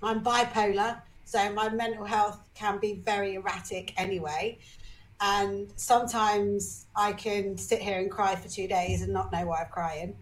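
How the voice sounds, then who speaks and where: A woman's voice: medium pitch, fairly even intonation, unhurried, low-quality recording. A woman talking as a podcast guest, telling emotional personal stories with energy, swearing casually and often restarting her sentences. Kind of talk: candid personal storytelling.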